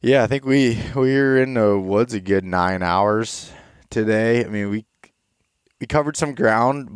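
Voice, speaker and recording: A young man hosting a podcast, talking in a loose, rambling way with many restarts. He sounds tired and a little stuffed up, and his low voice is smooth and clear. The recording is close and dry. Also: no echo. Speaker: podcast host. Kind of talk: casual chat.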